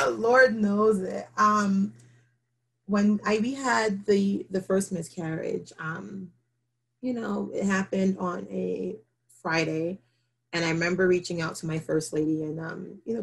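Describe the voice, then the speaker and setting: A woman's voice: on the low side, gravelly. A woman talking candidly as an interview guest, telling her story with animation and acting out her own past words.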